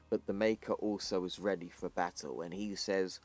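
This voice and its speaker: A man hosting his channel, narrating a comic book story in plain, even storytelling and reading the characters' lines in his own voice. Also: on the low side, moderate pace, few pauses, soft background music. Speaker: channel host.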